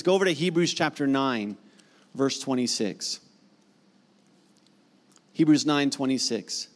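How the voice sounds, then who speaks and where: A middle-aged man preaching a sermon as pastor, conversational and animated, building to emphatic repeated lines. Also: medium pitch, unhurried, long pauses. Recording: long hall reverb.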